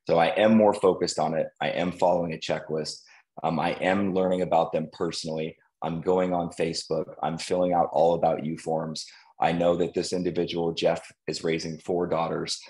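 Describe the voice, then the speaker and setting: A man who coaches loan officers, giving an energetic motivational sales talk and acting out quotes. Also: low voice, rough recording. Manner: energetic, acts out quoted voices.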